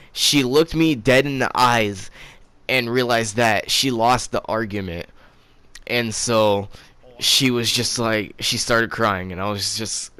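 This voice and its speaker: A man's voice: lowish voice, sharp tone, clean tone, no echo. A teenage boy telling a storytime vlog in a rambling, profane way, often restarting his sentences. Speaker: vlogger.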